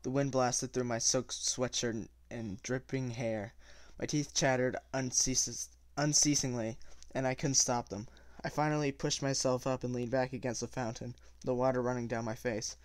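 A man reading a novel aloud at a steady pace, with small slips and self-corrections. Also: medium pitch, moderate pace, few pauses, no echo. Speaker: audiobook reader.

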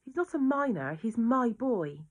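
A woman voicing a distraught middle-aged mother who speaks in loud, indignant outbursts. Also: lowish voice, very animated, fairly quick, husky, exaggerated voice. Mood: exasperated.

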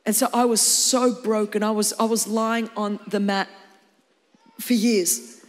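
A woman's voice: mid-range voice, steady tone, unhurried. A woman in her fifties with an Australian accent, preaching a sermon with passion that rises to emphatic exclamations. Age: 50s. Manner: impassioned, rising to emphatic exclamations. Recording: long reverb of a large hall.

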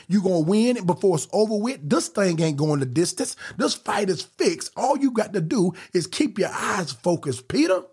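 Preaching a fervent sermon on a podcast, a man with a high, husky, darkish voice builds a rising, rhythmic exhortation. He rushes through some phrases and draws out others for emphasis.

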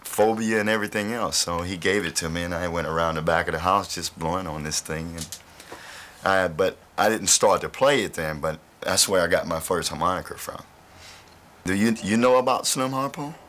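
A man's voice: low-pitched, moderate pace, a bit bright, a little hiss or hum. A male blues musician, telling rambling stories with laughter. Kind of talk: relaxed storytelling interview.

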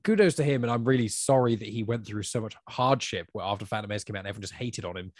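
A man chatting casually on a podcast, giving strong opinions with quick bursts of speech. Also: lowish voice, a little mellow, no room sound, studio quality. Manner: opinionated, spurts of fast talk. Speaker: podcast guest.

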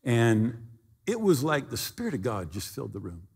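Middle-aged male pastor, husky and lively, animated storyteller, long hall reverb. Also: medium pitch, normal speed. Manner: animated storyteller with sound effects and acted quotes. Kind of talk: sermon storytelling.

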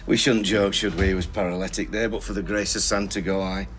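A man's voice: low voice, fairly even intonation, fast, a bit bright. A man with a Northern English accent in a television soap drama, talking in a jokey, easygoing way at home.

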